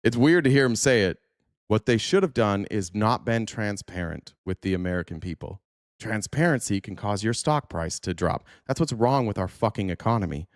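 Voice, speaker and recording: A man's voice: fairly low pitch, animated, moderate pace, dry recording. A man runs a political livestream in a dry, close-miked sound. He rants with heat and profanity and stumbles through restarts as he reacts to clips and chat. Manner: heated, profane, ranting with restarts. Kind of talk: casual livestream commentary.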